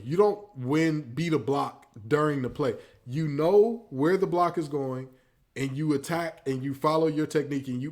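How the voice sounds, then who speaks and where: A man hosting a casual sports talk show, ranting with mock quotes. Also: on the high side. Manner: animated, preachy rants with mock quotes. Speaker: podcast host.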